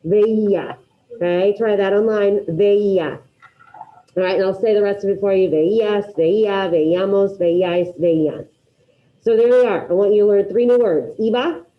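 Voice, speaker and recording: A woman's voice: mid-range voice, moderate pace. Upbeat woman teaching a class, lo-fi. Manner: upbeat, drills repetition, asks students questions. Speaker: Spanish teacher. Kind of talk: classroom grammar lesson.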